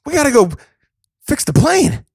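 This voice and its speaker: A man's voice: very high-pitched, big pitch swings, normal speed, darkish tone, no echo, studio quality, voice pushed up, heavily acted. A man doing a blustering tough guy. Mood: frantic. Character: brash, hot-headed male movie star from Boston.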